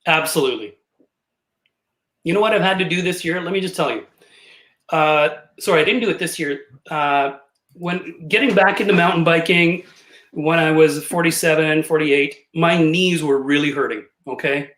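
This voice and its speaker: Joking man with a higher voice on a roomy call. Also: normal speed, a bit bright. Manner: jokey, laughing storyteller. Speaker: guest. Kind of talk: casual podcast chat. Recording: roomy echoey call audio.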